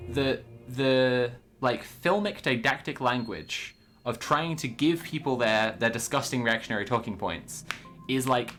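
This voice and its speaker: A man co-hosting a stream, reacting to a video with sarcastic, animated commentary and casual swearing. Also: medium pitch.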